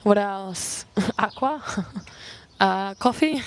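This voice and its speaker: A woman's voice: medium pitch, expressive, a little hiss or hum. A young woman from New Zealand, a travel vlogger answering viewer questions in a casual, rambling chat full of "like". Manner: chatty, heavy use of "like", quick asides. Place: outdoors on an island.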